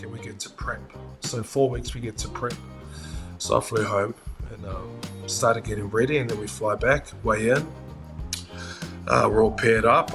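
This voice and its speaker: A man with a New Zealand accent, an interviewed fighter recounting his story in a casual, lively way and acting out the exchanges he describes. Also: mid-range voice. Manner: lively retelling, acts out quoted exchanges. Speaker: interviewee, mixed martial arts fighter. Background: music.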